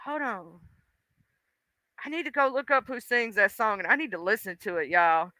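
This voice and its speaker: A woman chatting casually on a livestream, animated and outspoken, rambling from thought to thought. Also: medium pitch, normal speed, no room sound.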